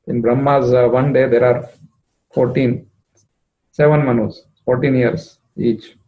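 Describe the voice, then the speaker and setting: A man's voice: fairly even intonation, a little slow, phone-quality sound. Emotive male devotional storyteller. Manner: emotive, rising in pitch at moving moments, frequent fillers. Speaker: spiritual storyteller.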